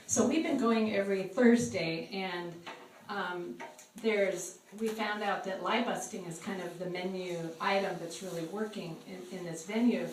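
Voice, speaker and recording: A woman shares a church testimony before a group, pausing often with ums as she speaks. She is recorded on a phone from some distance in an echoey room. Faint room noise sits behind her. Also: on the low side. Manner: halting, with frequent ums. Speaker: church ministry volunteer sharing testimony. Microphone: phone recording from across the room.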